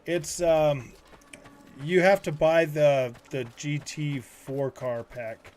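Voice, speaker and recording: A man streaming a game live, commenting casually in an excitable way, exclaiming often. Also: on the high side, slow. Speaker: gaming streamer. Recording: loud game music behind.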